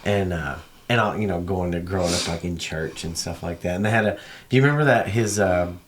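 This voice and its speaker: A man's voice: low voice, a little fast, a little hiss or hum. A man hosting a casual podcast, laid-back and swearing often as he talks. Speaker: podcast host. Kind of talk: casual chat.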